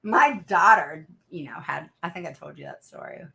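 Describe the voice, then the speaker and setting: A woman's voice: sits low, huge pitch swings, moderate pace, gravelly, bright, forceful tone. A middle-aged woman chatting casually with viewers on a livestream, telling family stories and laughing often. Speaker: autism parent advocate livestream host.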